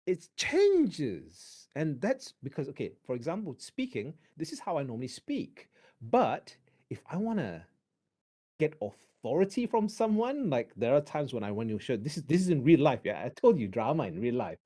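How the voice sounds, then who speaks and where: A man's voice: fairly high pitch, moderate pace, breathy edge. A man with a Malaysian accent giving a drama lecture, switching between English and Malay and acting out examples as he teaches. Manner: animated, mixes English with Malay; acts out examples while teaching.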